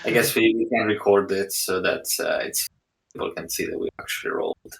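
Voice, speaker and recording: A man playing a tabletop game on a call, speaking earnestly in a halting way and repeating words. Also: sits low, vocal fry, fairly bright tone. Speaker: player. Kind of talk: casual tabletop game talk. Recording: echoey room audio from far off.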